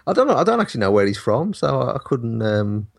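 Self-deprecating English podcast guest. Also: male voice, medium pitch, sing-song, fast talker, creaky, dry recording, studio quality. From England. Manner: self-deprecating, hesitant with ums. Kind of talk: casual podcast chat.

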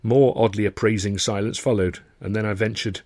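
A man's voice: on the low side, fairly even intonation, brisk, hardly any pauses, a little mellow, no room sound. A man reading his own novel aloud, narrating with dry, wry timing and acting the dialogue. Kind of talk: audiobook narration.

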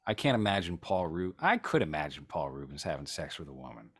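A man's voice: very deep voice, big pitch swings, brisk, a bit bright, slightly rough. A man co-hosting a podcast, talking in a rambling, sarcastic, joking way. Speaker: podcast co-host. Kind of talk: casual chat.

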